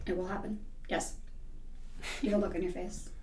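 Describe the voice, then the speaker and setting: A woman who teaches second grade, telling stories in a quick, animated way during a casual interview. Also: fairly low pitch.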